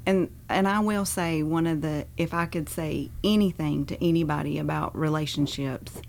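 A woman chatting casually about marriage, friendly and quick to laugh. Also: deep voice, vocal fry, a little mellow, a little hiss or hum. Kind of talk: casual chat.

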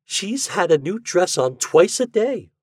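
A man voicing a kindly, sympathetic married woman who speaks softly and gently pleads. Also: high-pitched, sing-song, unhurried, husky, no room sound, clean studio sound, voice pushed up, heavily acted. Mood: tender.

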